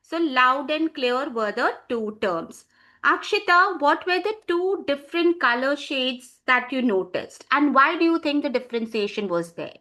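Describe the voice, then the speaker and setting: A woman leading a training session for teachers. She quizzes participants by name and gives clear directions. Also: high-pitched, lively intonation, unhurried, bright, forceful tone.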